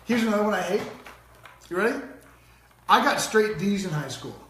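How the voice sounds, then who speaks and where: A man's voice: high voice, animated, normal speed, fairly bright tone, roomy sound. A middle-aged man co-hosting a casual parenting talk, telling stories animatedly and mimicking voices. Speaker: co-host.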